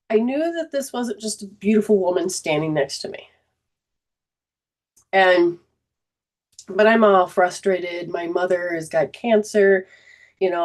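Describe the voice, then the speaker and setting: A middle-aged woman hosting a spiritual healing show, telling a personal story with feeling and choking up as she goes. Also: fairly low pitch. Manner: emotional, chokes up and laughs through tears while telling a story. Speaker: host.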